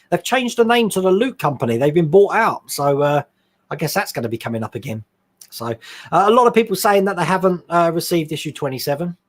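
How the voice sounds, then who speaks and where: A man's voice: sits high, husky. A man hosting a scale modelling live stream, chatting casually, reading viewer questions aloud and laughing often. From England. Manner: chatty, laughs often, reads out chat questions then answers.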